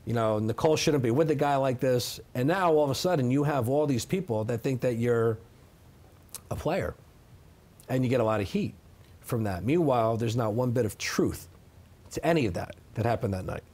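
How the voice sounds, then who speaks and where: Man, 30s, interview guest, emphatic, defensive, mid-pitched voice. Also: lively intonation, normal speed, long pauses, a little mellow. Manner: emphatic, defensive, repeats "okay?". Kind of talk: sit-down interview.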